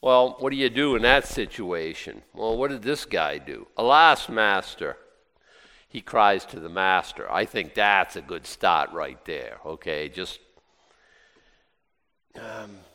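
A man's voice: low voice, animated, a little slow, pushed and bright. A man preaching a conversational sermon in a folksy, rambling way, full of asides and restarts. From United States. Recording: long reverb of a hall.

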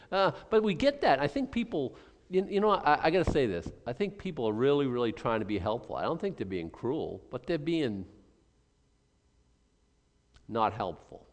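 A man's voice: medium pitch, big pitch swings, moderate pace. An older man preaching a sermon, emphatic, acting out quoted voices and restarting his sentences often. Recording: long reverb of a large hall.

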